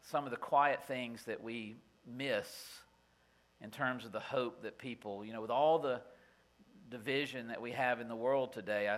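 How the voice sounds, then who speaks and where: A middle-aged man preaching a sermon, telling stories in a folksy, conversational way and dropping to a hushed voice for tender moments. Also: medium pitch. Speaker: pastor.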